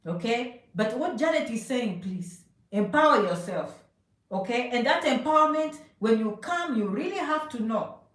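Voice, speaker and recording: A woman's voice: fairly high pitch, lively intonation, moderate pace, fairly bright tone. A woman from Zambia giving an emphatic, preachy motivational talk to live viewers, often asking "okay?". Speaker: immigration advice streamer. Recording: echoey room, voice a bit far from mic.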